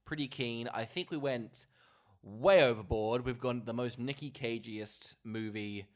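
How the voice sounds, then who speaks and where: A man's voice: medium pitch, measured pace. A man co-hosting a casual film podcast, rambling and trailing off with laughs. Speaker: podcast co-host.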